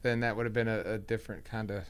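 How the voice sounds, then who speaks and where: A man's voice: lowish voice, level tone, quick pace, clear, resonant tone. A man hosting morning radio, joking and rambling through restarts in casual banter. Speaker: radio show host.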